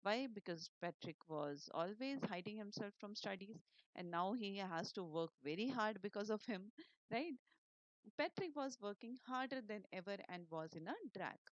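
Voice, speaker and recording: A woman teacher with an Indian English accent, reading a story to an online class and explaining each word slowly, with many fillers and questions to the students. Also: mid-range voice, expressive, no room sound, lo-fi sound.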